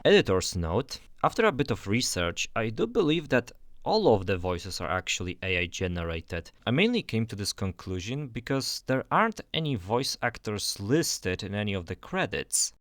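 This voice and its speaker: A man's voice: lowish voice, sing-song, moderate pace, few pauses, a bit bright, no echo. A young man narrating a scripted game review voice-over in an enthusiastic, conversational way.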